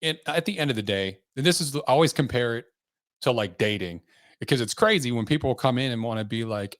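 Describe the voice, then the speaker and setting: A man's voice: mid-range voice, expressive, fairly quick, a bit bright, no echo, studio quality. A man hosting a podcast, chatting casually and agreeing with enthusiasm. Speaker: podcast host.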